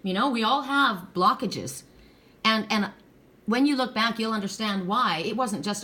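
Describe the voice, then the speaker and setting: A woman's voice: mid-range voice, lively intonation, moderate pace, pushed and bright. Blunt, emphatic middle-aged woman reading cards. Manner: blunt and emphatic, swears freely. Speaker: tarot card reader. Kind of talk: casual spoken card reading.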